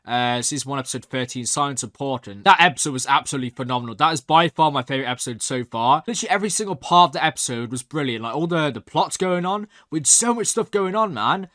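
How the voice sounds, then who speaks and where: A young man hosting a reaction channel, excitedly rambling through a recap with lots of "like". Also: mid-range voice, fast talker, few pauses, no echo, studio quality. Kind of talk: casual recap and review.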